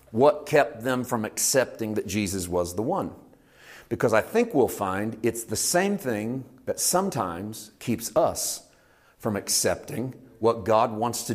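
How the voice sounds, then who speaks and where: A man preaching a conversational sermon, animated, swinging between loud excited bursts and quiet low asides.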